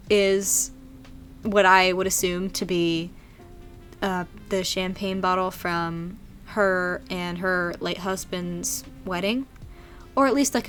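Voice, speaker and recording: A woman's voice: mid-range voice, fairly bright tone. Giggly rambling young woman. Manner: rambling, giggly, self-deprecating. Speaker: YouTuber narrating a game build. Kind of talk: casual chatty voice-over.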